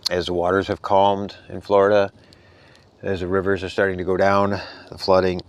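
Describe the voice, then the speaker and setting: A man with a deep, resonant voice speaks in a soft, earnest ramble about spiritual matters. He sounds a little worn out. The delivery stays casual and unscripted. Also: completely flat delivery, normal speed. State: tired. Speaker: spiritual vlogger.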